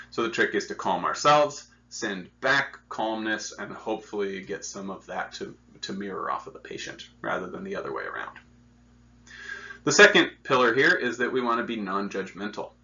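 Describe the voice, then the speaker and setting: A man's voice: fairly low pitch, pushed and bright, dull audio. A man teaching hospital staff in an earnest, explanatory lecture, often repeating himself as he works through each point. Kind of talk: instructional training lecture.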